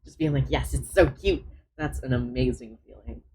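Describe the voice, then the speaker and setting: A man's voice: medium pitch, normal speed, darkish tone, breathy edge, low-quality recording. A man chatting on a live stream as he draws, often muttering his steps to himself as he works. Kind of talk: casual live-stream chat while drawing.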